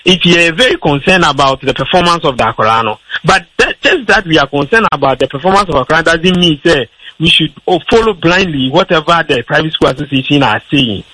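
Husky, bright-voiced man arguing on radio. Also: fairly high pitch, animated, quick pace, no echo, low-quality recording. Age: adult with a school-age child. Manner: argumentative, many restarts and fillers. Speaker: radio talk show guest. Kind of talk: radio discussion.

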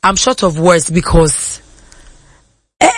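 Lively Ghanaian woman radio host. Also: fairly low pitch, slow pace, slightly rough, no echo. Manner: animated, mixes English with Twi, advising. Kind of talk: call-in radio advice chat.

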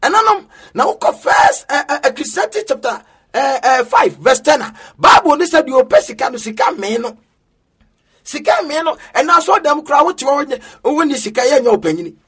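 A man with a Ghanaian accent preaching a sermon in an emphatic, half-sung style that rises to shouts. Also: very high-pitched, sing-song, moderate pace.

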